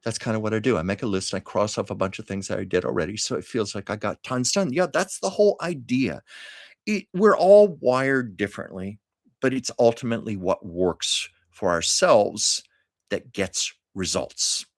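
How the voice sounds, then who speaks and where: A man's voice: moderate pace, no echo, clean studio sound. A man hosting a casual livestream, chatting earnestly and encouragingly with viewers as he reads their comments. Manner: earnest, encouraging, lively pitch swings. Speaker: livestream host.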